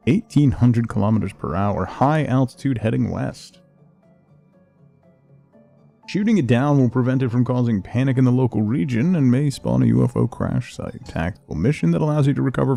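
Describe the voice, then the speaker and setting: A man streaming a game, reading the tutorial text aloud in a flat, exhausted, yawning way. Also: vocal fry. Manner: flat, low-energy delivery.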